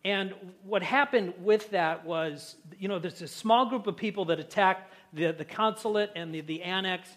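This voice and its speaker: A pastor preaching a conversational sermon and joking with the congregation. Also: male voice, high voice, normal speed, hardly any pauses, fairly bright tone.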